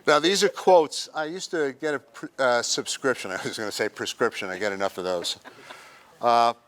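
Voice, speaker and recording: A man's voice: medium pitch, moderate pace, a bit bright. A man giving a humorous motivational talk to a group in a senior center room, acting out little scenes as he goes. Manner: joking, acts out little scenes and quotes. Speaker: workshop presenter.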